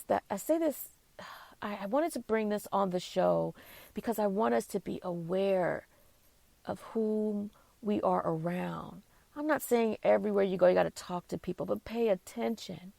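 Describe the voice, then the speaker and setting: A woman's voice: on the low side, gravelly, a little mellow, dry recording. A woman hosting a faith-based podcast, telling a personal story in an earnest, conversational way with many fillers. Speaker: podcast host.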